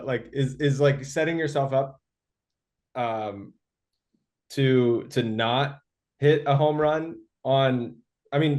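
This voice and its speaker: A man speaking as a webinar panelist in a casual, rambling way, with many restarts and fillers. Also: mid-range voice.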